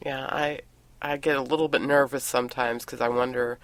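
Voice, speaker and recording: A woman's voice: a bass voice, fairly even intonation, a little fast, dry recording. A woman co-hosting a casual podcast, telling family stories in a chatty way and laughing often. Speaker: podcast co-host.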